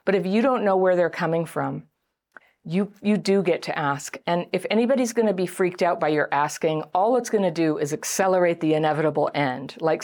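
A woman's voice: lowish voice, a little mellow. A middle-aged woman hosting a self-help video, talking casually to camera, acting out quoted voices and laughing often. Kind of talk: casual advice talk to camera.

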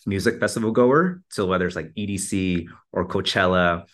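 A man's voice: low-pitched, normal speed, a bit bright. A man talking as a podcast guest in a casual, upbeat way, with many "like" and "you know" fillers. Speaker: podcast guest, marketing entrepreneur. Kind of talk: casual conversational interview.

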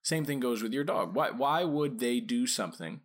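On his dog training podcast, a man with a medium-pitched, expressive voice keeps things conversational. He throws rhetorical questions at his audience and performs short quoted lines.

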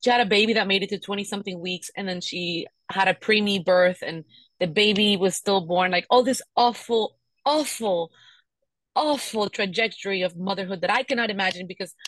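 A woman's voice: medium pitch, brisk, a bit bright, dry recording. Podcast co-host, young pregnant woman, candid and weary, dry studio mic. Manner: emotional, venting, frequent "right?" asides. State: pregnant and tired. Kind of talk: candid casual chat.

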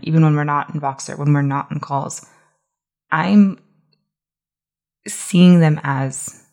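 A woman's voice: low voice, gravelly, a little mellow. A young adult woman coach hosting a solo podcast, talking casually and emphatically with frequent "like" and "right?" fillers. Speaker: business coach, podcast host.

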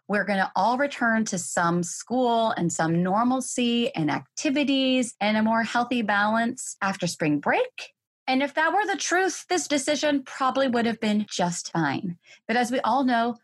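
A woman in her thirties hosting a solo parenting podcast, telling her own story in a candid, expressive way. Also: mid-range voice.

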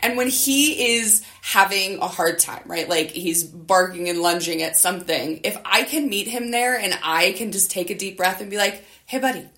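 A woman's voice: medium pitch, normal speed, few pauses, sharp tone, echoey room. A woman hosting a podcast about dogs, talking in a loose conversational way with lots of "right?" and "you know". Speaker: podcast host. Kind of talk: casual interview chat.

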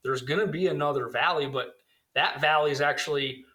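A man's voice: fairly high pitch, fairly quick, sharp tone. A man in his thirties, a podcast guest, talking in casual conversation and often repeating words as he starts a thought. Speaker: guest recruiter.

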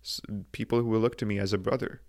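This is a young man talking straight to his listeners in a solo motivational podcast. His voice sits on the low side, and he speaks earnestly. He restarts his phrases often and leans on filler words as he works through his thoughts. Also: fairly even intonation, fast, gravelly, darkish tone. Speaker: podcast host.

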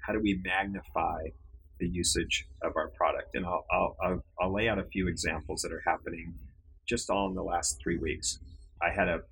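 A man with a low, gravelly voice talking as an interview guest. His tone is rough and raspy throughout. He tells stories casually, doubling up words as he gets going. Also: normal speed, poor audio. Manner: repeats words when starting sentences, animated storyteller. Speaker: guest, storage business founder.

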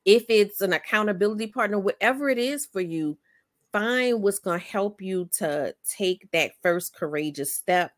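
A woman podcast host and coach in casual interview chat, talking in an animated, motivational way with many fillers. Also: mid-range voice, normal speed, no room sound, clean studio sound.

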